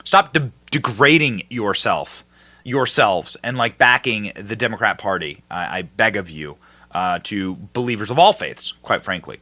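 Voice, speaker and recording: Bright-voiced sarcastic male commentary host. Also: on the low side, lively intonation, unhurried. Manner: sarcastic, mocking; emphatic, shifts between loud and muttered asides. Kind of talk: political commentary podcast.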